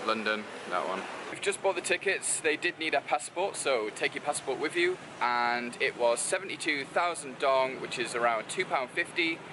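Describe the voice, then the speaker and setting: A man's voice: mid-range voice, lively intonation, moderate pace, background noise. A man with a Geordie accent chatting casually as a travel vlogger while walking around a city outdoors, loose and rambling with lots of fillers. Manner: chatty, loose, says "like" a lot. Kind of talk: casual travel vlog narration.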